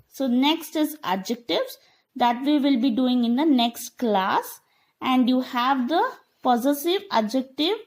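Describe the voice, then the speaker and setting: Slow, high-voiced woman teacher. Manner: slow, repetitive, checks understanding with "okay?". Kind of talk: online classroom lesson.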